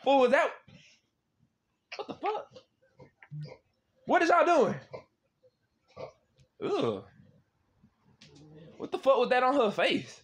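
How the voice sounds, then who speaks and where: A young man casually chatting with strangers on a video chat app, swearing and loudly reacting. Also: very high-pitched, sing-song, takes it slowly, pauses often. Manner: slangy, swears often, loud exclaiming reactions and laughs.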